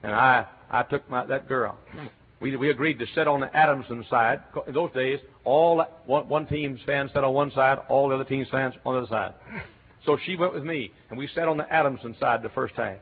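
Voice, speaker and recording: Folksy Texan preacher, tinny recording. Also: male voice, medium pitch, brisk, breathy edge. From Texas. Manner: folksy storytelling, bursts into loud cheers and shouts. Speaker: Baptist pastor. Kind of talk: sermon. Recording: tinny lo-fi sermon recording with faint hiss.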